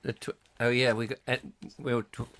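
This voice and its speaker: A man's voice: mid-range voice, little pitch movement, moderate pace, fairly bright tone. A man hosting a comic live chat show, jokey and playful with rambling asides. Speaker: host.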